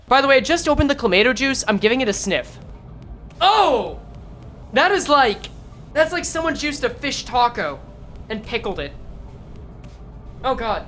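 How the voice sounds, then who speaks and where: A young woman streaming a game, chatting with her viewers in an excitable, casual way. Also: unhurried, pauses often, soft background music. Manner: excitable, talks to chat, jumps into high exclamations. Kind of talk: casual live-stream chat.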